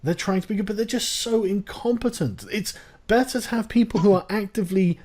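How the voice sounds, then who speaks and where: A man's voice: sits high, fairly quick, darkish tone. A man hosting a casual political chat, ranting with profanity and sarcasm. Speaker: host.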